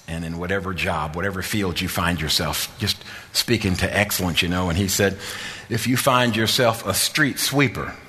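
A man preaching a sermon as a pastor, moving from soft, halting talk to loud, rising preaching. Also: deep voice. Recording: long hall reverb.

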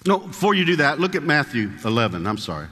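A man preaching a sermon in a conversational way, asking the congregation questions and reading scripture aloud slowly. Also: a little high, big pitch swings, sharp tone, long reverb tail.

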